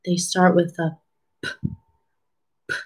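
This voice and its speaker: A woman reading a picture book aloud to young children, asking them questions and pausing for their answers. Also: fairly low pitch, completely flat delivery, slightly rough, rough recording. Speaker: speech therapist reading a storybook. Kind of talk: read-aloud storytime lesson for children.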